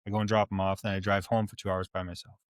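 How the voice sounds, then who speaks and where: A man's voice: low-pitched, little pitch movement, very fast, no room sound, studio quality. Frank fortyish man, swears freely. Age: 40s. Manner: candid, rambling, swears freely. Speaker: podcast co-host. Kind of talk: casual chat.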